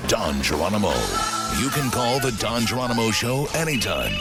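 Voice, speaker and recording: A man reading a scripted radio promo announcement in a smooth promotional delivery. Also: mid-range voice, sing-song, normal speed. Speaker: station announcer. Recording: announcer over loud guitar music. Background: loud guitar music.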